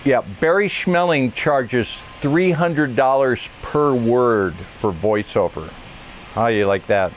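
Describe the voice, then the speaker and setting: A man's voice: mid-range voice, takes it slowly, a little hiss or hum. Chatty male show host. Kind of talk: casual comedic talk.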